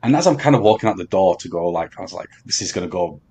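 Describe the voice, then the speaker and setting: Deep husky man, halting storyteller. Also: expressive, dark tone. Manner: halting, many ums and restarts. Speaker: podcast co-host telling a story. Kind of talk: casual storytelling chat.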